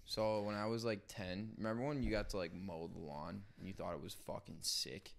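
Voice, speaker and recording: A young man hosting a podcast, telling an animated story in casual chat and swearing freely. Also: fairly low pitch, brisk, gravelly. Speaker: podcast host.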